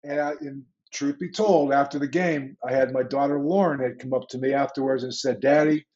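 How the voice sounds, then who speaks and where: A man's voice: medium pitch, fairly quick, dull audio. A man in his sixties with a Pittsburgh accent, a former football coach telling stories in an interview and acting out the conversations he recalls. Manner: animated anecdotes, acts out quoted exchanges. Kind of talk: storytelling interview.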